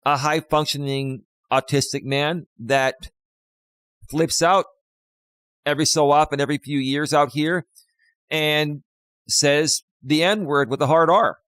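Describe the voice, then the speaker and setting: A man's voice: on the high side, steady tone, unhurried, pauses often, fairly bright tone, clear, resonant tone, no room sound, clean studio sound. A man, a life coach, talking on a live stream in an impassioned, preachy way that repeats points.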